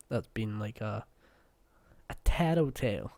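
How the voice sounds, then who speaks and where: A man's voice: fairly low pitch, a little slow, gravelly, darkish tone. Sweary Scottish man reacting. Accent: West of Scotland. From Scotland. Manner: sweary, blunt and jokey. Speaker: reaction video host. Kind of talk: casual reaction commentary.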